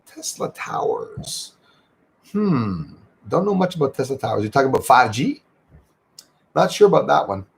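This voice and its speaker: A man's voice: medium pitch, very animated, normal speed, vocal fry, pauses often. A man hosting a casual livestream from home, chatting loosely, reading out viewer comments and greeting viewers, sometimes in French. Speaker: livestream host. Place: home in Canada near the Michigan border.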